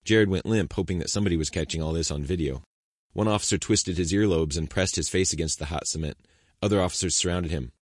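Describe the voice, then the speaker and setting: A man reading an audiobook chapter in steady, measured scripted narration, close to the mic. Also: low-pitched, no room sound.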